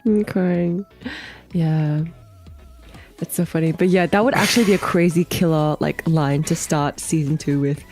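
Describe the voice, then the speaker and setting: A woman's voice: deep voice, measured pace, faint music behind. A young woman streamer chatting casually with friends, giggling and retelling stories. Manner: giggly, animated storytelling. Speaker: streamer host. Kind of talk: casual chat.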